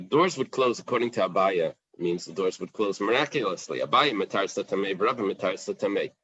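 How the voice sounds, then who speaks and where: A man's voice: low-pitched, animated, brisk, a bit bright, slightly rough, highs cut off. A man teaching a Talmud class in plain English, mixing in Aramaic and Hebrew quotes, with fillers and restarts. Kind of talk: daf yomi Talmud class.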